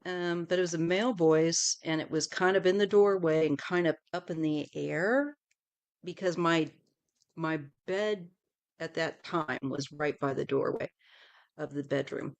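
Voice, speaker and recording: A middle-aged woman talks casually through a live tarot stream. She rambles from one thought to the next, and her voice often drops off softly at the ends of phrases. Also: low voice, measured pace. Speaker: tarot reader hosting a livestream. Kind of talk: casual livestream chat.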